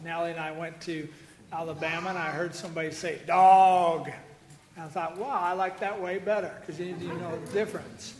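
A man's voice: a little high, steady tone, quick pace, echoey room, a little hiss or hum. A man preaching a sermon, folksy and joking, with asides to members of the congregation. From Iowa. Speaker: pastor.

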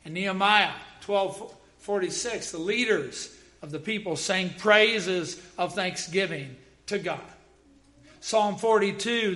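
A man's voice: high-pitched, slow, bright, forceful tone. A man preaching a sermon, emphatic, quoting scripture and dropping wry jokes.

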